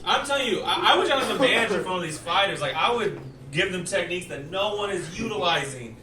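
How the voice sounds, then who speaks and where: A man performing a stand-up comedy set, animated, with loud acted outbursts. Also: high voice, quick pace, a little hiss or hum. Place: comedy stage in a poker room. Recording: roomy live club sound from far off. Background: audience laughter.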